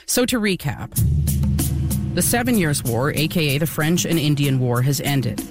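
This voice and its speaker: A woman's voice: sits low, expressive, normal speed, over loud music. A woman co-hosting a casual history podcast, explaining events with a few fillers. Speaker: podcast co-host.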